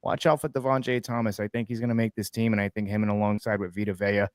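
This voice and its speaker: A man co-hosting a sports talk show, telling stories in a folksy, animated way. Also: fairly low pitch, fast talker, smooth, no echo, studio quality. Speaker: co-host.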